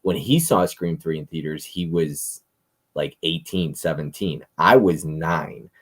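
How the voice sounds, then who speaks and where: A man's voice: a bass voice, unhurried, husky. A man in his thirties hosting a casual chat, blunt and opinionated, swearing freely. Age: 30s. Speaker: podcast host.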